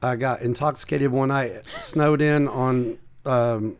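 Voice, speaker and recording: A man's voice: mid-range voice, slow. A man, a comedian and author, telling funny stories in a casual chat and acting out the people in them. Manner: animated storyteller, acts out quoted voices.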